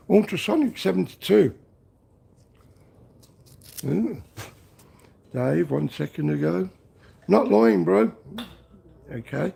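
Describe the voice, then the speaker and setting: A man's voice: high voice, gravelly, dark tone, husky. A man from Liverpool hosting a livestream from a garage workshop, joking with the chat and breaking into bits of songs. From Liverpool, England. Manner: jokey, breaks into snatches of song. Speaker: livestream host reading chat.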